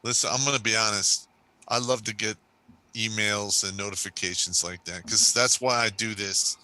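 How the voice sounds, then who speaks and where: Male livestream co-host, very bright and tense voice, blunt and forceful with his opinions. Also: on the low side, steady tone, moderate pace, rough recording. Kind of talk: casual chat.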